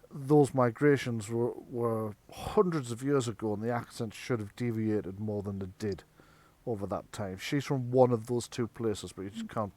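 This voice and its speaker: A man's voice: medium pitch, no echo. A man narrating as game master for a tabletop game, rambling with many fillers as he describes the world.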